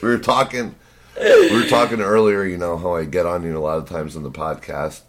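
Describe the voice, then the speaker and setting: A man's voice: low voice, big pitch swings, fairly quick. A man co-hosting a podcast, telling a story in a casual, teasing way and swearing freely. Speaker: podcast co-host.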